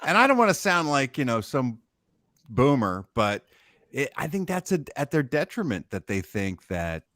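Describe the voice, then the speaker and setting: A middle-aged man chatting as a guest, talking about his daughter in a measured, reflective way. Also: medium pitch, very animated, a bit bright, no room sound, studio quality. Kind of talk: casual chat.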